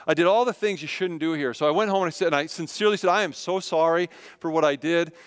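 A man's voice: a little high, fast, clear, resonant tone. A man in his thirties preaching a sermon to his church, earnest and conversational, telling personal family stories. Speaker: pastor. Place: church sanctuary. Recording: long reverb in a church hall.

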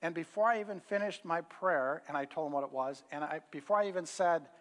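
This middle-aged pastor has a fairly high, somewhat bright voice and a brisk delivery. His sermon takes the form of relaxed, folksy storytelling with many fillers, echoing with hall reverb.

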